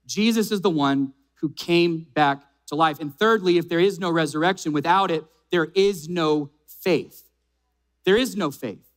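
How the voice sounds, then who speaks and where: A male pastor with a notably high voice delivers a sermon. He preaches with emphasis, drawing out key phrases slowly and repeating them so they land.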